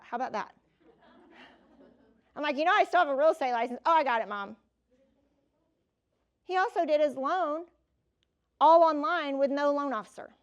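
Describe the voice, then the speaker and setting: In a lo-fi recording, a woman in her fifties with a high voice gives a motivational keynote. She tells personal stories in a lively, conversational manner and speaks directly to the audience.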